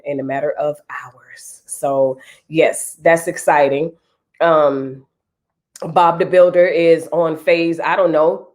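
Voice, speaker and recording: Host, woman, thirties, congested and nasal, chatty and a touch low-voiced. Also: a little mellow. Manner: chatty, greets viewers by name. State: stuffy, nasal from a cold. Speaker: live stream host. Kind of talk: casual live chat.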